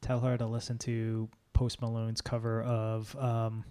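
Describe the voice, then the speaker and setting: A man's voice: mid-range voice, monotone, measured pace, a little mellow, clean tone. Laid-back, swearing male podcast co-host. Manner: profane, laid-back storytelling. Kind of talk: casual chat.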